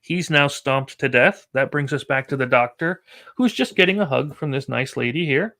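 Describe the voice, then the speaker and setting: A man's voice: medium pitch, moderate pace, bright, forceful tone. A man running a tabletop horror game as game master, narrating dice results casually.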